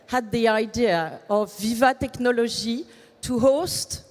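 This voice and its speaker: A woman speaking on stage at a ceremony in an emotional, halting way. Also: on the high side. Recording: hall reverb.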